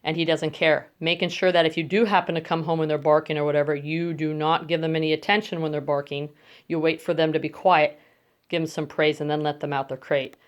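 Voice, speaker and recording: This phone-camera recording catches a dog trainer indoors in a home bedroom, laying out crate training one step at a time before turning to encouraging praise for her dogs. Her voice sits low, her tone stays level, and she talks fairly quickly.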